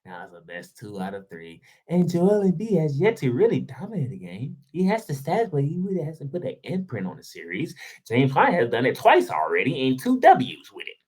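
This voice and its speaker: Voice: mid-range voice, wildly swooping pitch, fairly quick, a little mellow, husky. A sports show host delivering a heated solo rant, sarcastic and casual, firing off rhetorical questions and repeating points for emphasis.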